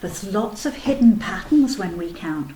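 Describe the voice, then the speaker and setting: A woman teaching a kindergarten video lesson, explaining patiently in a gentle, sing-song way. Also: mid-range voice, animated, measured pace, a little hiss or hum. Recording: echoey room, faint background ambience.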